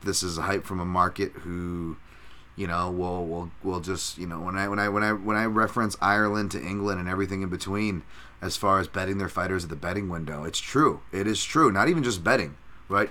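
A man's voice: low voice, bright, forceful tone. A man hosting a solo podcast who breaks down fights in a casual, profane and rambling way. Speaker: podcast host.

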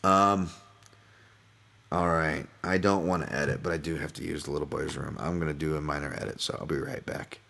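A man with a low, bright, forceful voice hosts a solo podcast. He rambles in a loose, profane way, interrupting himself and circling back. The delivery is casual and conversational. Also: fairly even intonation, a little fast, creaky. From Boston. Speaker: podcast host.

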